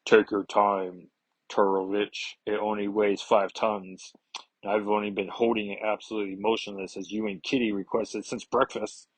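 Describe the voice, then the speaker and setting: A man voicing a big strong young man who speaks in a slow, dry, sarcastic way. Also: on the low side, flat delivery, no echo, close to an everyday voice, poor audio.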